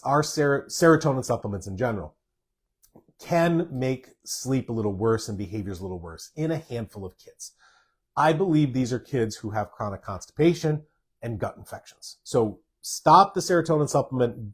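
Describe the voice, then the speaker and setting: A man's voice: mid-range voice, expressive, normal speed, breathy edge. A man, a doctor hosting a live stream, casually answers viewer questions and stresses points by repeating words.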